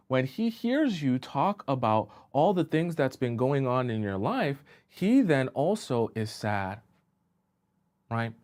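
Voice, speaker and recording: A man coaching women on relationships in a live-stream talk, explaining slowly with repeated examples and checking whether listeners follow him. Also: medium pitch, darkish tone. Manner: keeps checking in with listeners, asking if they follow.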